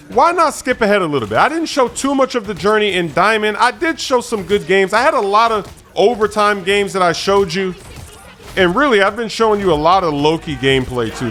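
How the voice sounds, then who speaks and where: A man giving chatty, animated gameplay commentary as a gaming channel host, repeating himself for emphasis. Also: a little high. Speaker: gaming YouTuber. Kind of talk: gameplay commentary over footage. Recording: faint background music.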